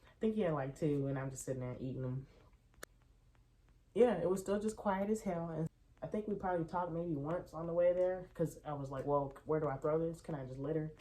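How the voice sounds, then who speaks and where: A young adult woman telling a casual storytime, animated and venting, swearing freely as she recounts her irritation. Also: low voice, fairly quick, slight background noise.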